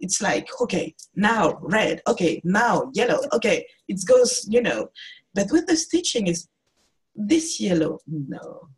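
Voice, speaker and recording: A woman's voice: mid-range voice, very animated, unhurried, breathy edge, rough recording. A woman artist speaking as a guest on a video-call interview, thoughtful and searching for her words. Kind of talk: reflective interview talk.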